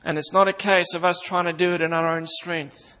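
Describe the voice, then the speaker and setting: A high-pitched man preaching with fervent emphasis, building through repeated phrases. His voice rings out with a long reverb tail, as in a large hall, and the recording sounds somewhat dull and muffled. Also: flat delivery, brisk, sharp tone. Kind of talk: sermon.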